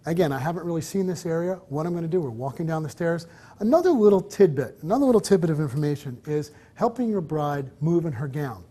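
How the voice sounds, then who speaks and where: Husky-voiced man coaching a photo shoot. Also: fairly high pitch, lively intonation, fast, warm tone. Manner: coaching, encouraging, talks to camera and subject by turns. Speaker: wedding photographer instructor. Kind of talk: on-location teaching and directing a shoot. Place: hotel interior, on the move.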